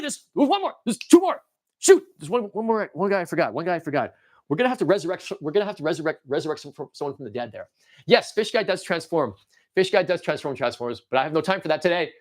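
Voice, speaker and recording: A man hosting a livestream, giving excitable, rambling commentary on toy battles and reading chat, with frequent restarts and cheers. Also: on the high side. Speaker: livestream host.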